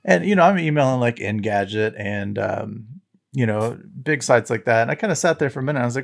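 Man, podcast guest, gravelly, rambling, casual reminiscing. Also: mid-range voice, animated, brisk. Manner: rambling, filler-heavy storytelling. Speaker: podcast guest, tech site founder.

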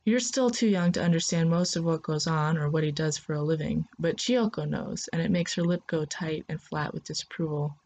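A woman narrating a sci-fi story in the second person, in a calm, steady storytelling manner. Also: deep voice, fairly quick, few pauses, slight background noise.

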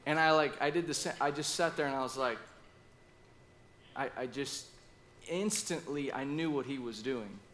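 Passionate, bright-voiced male preacher. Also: medium pitch, normal speed, pauses often, a little hiss or hum. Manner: passionate, animated preaching with asides and quoted inner dialogue. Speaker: pastor. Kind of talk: sermon.

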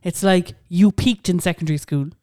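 A woman's voice: fairly low pitch, normal speed, warm tone, dry recording, studio quality. A young woman co-hosting a podcast in casual chat, ranting bluntly and swearing freely. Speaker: podcast co-host.

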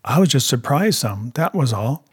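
A narrator putting on a rough Klondike dog-musher, slow and plain-spoken, with a dry rustic humor. His voice sits low and easy, with a husky grain. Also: sing-song.

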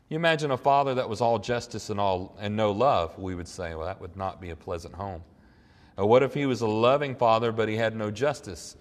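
A middle-aged man preaching a sermon. He talks earnestly, climbs to emphatic high points and then drops to quiet reflection. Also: in a large hall. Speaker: pastor.

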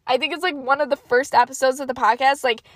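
A young woman hosting her own podcast, telling funny stories in a casual, animated, self-mocking way and swearing freely. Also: high-pitched, fast, no echo. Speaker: podcast host. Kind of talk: casual storytelling monologue.

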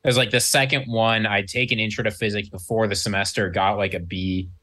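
A man who teaches at a university chats as a guest on a podcast. His voice sits low yet sounds bright and crisp, and he makes his points in a dry, measured way. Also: steady tone. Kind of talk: casual podcast chat.

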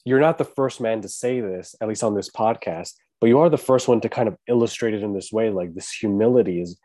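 A male podcast host with a low, mellow voice asks curious questions. His speech is loose and filled with casual "like"s. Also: a little fast.

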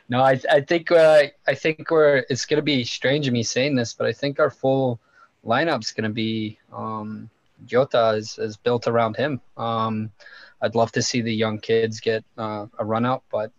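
A man's voice: medium pitch, little pitch movement, moderate pace, no echo, lo-fi sound. A man with a Scottish accent, a podcast guest talking football in a rambling way with frequent restarts. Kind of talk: casual football podcast chat.

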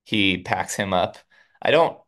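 Low-voiced man casually recapping a show. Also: slow pace. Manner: animated retelling with laughs and playful quotes. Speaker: podcast co-host.

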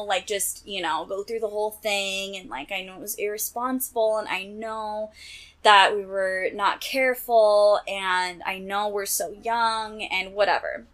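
Interview guest: woman from Nebraska, mid-pitched voice, chatty storyteller who peppers every sentence with "like". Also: fairly even intonation, unhurried, fairly bright tone. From Nebraska, USA. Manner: chatty, heavy use of "like" fillers. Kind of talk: casual personal storytelling.

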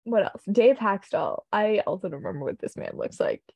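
A woman's voice: mid-range voice, expressive, brisk, creaky, dark tone, slightly rough, no room sound. Young woman co-host, casual and opinionated, dry close sound. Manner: chatty, opinionated, frequent ums and laughs. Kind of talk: casual chat.

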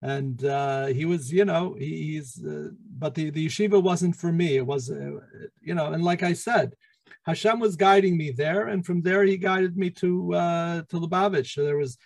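A middle-aged man, a rabbi, telling his life story in an interview, halting with many restarts. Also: a little high, gravelly, dry recording, rough recording.

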